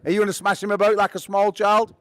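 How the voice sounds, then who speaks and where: Brash high-voiced male press host. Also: flat delivery, quick pace, a bit bright. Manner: brash, joking, swears freely. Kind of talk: hype introductions and banter.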